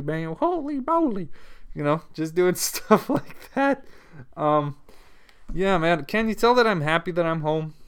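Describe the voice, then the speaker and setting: Man, rambling home vlog, swears a lot, smooth clear voice, mid pitch. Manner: rambling, profane, lots of fillers and restarts. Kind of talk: casual rambling monologue.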